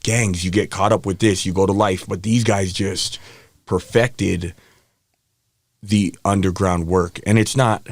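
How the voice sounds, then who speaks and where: A man speaking with a lowish voice recounts his past openly as a podcast guest. His talk is frank and meandering, full of restarts. The sound is close and dry, with no room around it. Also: steady tone, a little slow, no room sound. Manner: frank, rambling, with frequent restarts. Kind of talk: candid personal storytelling.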